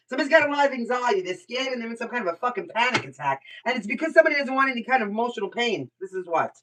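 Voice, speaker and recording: An older woman talks her way through a live tarot reading, blunt, chatty and quick to swear. Her voice is bright and forceful. She sits some way back from the computer mic. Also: fairly high pitch, sing-song. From Brooklyn, New York. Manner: blunt, chatty, swears freely, thinks aloud. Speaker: tarot reader. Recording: voice somewhat far from the mic.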